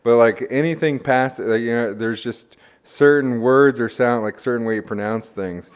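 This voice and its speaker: A man hosting a podcast, chatting in a laid-back, halting way. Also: mid-range voice, clear, resonant tone. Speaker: podcast host. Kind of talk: casual chat.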